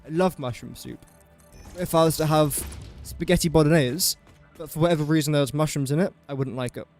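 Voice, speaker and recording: A young man with a slightly raised, light pitch talks casually through a gaming livestream. He drifts from topic to topic and pokes fun at himself. Soft music plays faintly underneath. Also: a little fast. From England. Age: young adult. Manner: rambling, chatty and self-mocking while building. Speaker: streamer.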